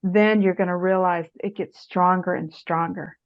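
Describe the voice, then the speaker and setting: Animated storytelling woman, muffled recording. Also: lowish voice, normal speed. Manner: animated storyteller, acts out quotes in a raised voice. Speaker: author and guest speaker. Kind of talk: conversational interview advice. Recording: muffled lo-fi audio.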